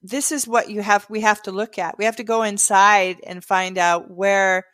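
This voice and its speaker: A woman's voice: medium pitch, fairly even intonation, moderate pace, a bit bright, no echo. A woman hosting a podcast, speaking casually and affirming her guest often. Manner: supportive, frequent affirming backchannels. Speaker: podcast host.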